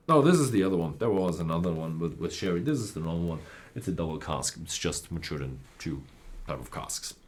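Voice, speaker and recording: Rambling man explaining whisky. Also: low-pitched. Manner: rambling, hesitant, many fillers and self-corrections. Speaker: whisky presenter. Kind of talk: unscripted explainer.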